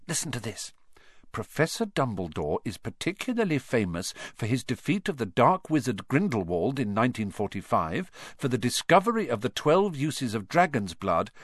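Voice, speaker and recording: A man's voice: fairly high pitch, no echo, clean studio sound, voice pushed up. A man voicing an earnest, kind young boy wizard who speaks reassuringly.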